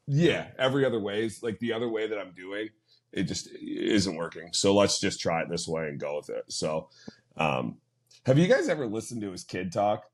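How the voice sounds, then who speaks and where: Casual podcast co-host, male, low-pitched voice, rambling, animated storyteller. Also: moderate pace. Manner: rambling, animated retelling with quoted asides. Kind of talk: casual chat.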